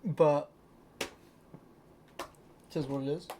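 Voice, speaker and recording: A young adult from Britain, a toy collector chatting casually through a show-and-tell, excitable and rambling with lots of fillers. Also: mid-range voice, slow pace, a little hiss or hum.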